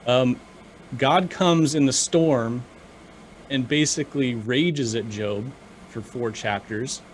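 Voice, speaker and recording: Earnest man, halting speech. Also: mid-range voice, slight background noise. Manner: earnest, halting with many restarts. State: choked up with emotion. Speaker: podcast co-host. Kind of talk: casual theological discussion.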